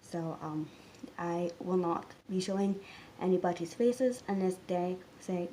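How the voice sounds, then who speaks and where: Woman, mid-twenties, casual vlog chat; quick, apologetic delivery; noisy track with traffic behind. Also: on the low side, warm tone. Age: 20s. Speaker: vlogger.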